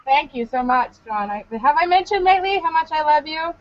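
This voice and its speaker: A woman's voice: high-pitched, lively intonation, fairly quick, no room sound. A woman co-hosting a casual chat show, giggly and teasing. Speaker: podcast co-host. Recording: dull lo-fi recording.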